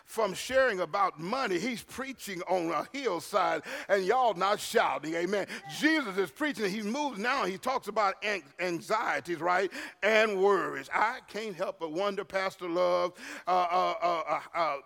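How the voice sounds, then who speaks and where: High, gravelly preacher man. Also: animated, normal speed. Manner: preaching cadence, frequent amen, swings to shouting. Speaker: pastor. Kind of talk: sermon.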